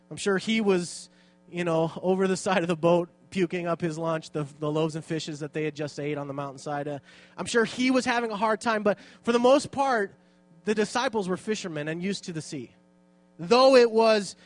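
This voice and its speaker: A man teaching a Bible passage in a casual, joking and self-deprecating way, reading scripture aloud between his remarks. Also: high-pitched.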